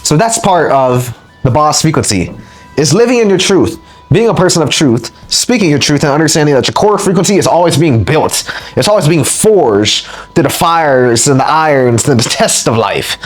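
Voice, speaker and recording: Man, spiritual lecture, fairly high voice, swinging intonation, faint music behind. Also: animated, normal speed. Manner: emphatic, repeats words for punch. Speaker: spiritual teacher and channel host.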